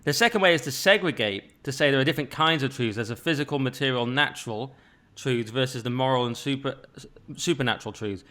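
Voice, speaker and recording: A man hosting a podcast, talking casually and rambling a little with quick asides and restarts. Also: mid-range voice, bright, forceful tone. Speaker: podcast host.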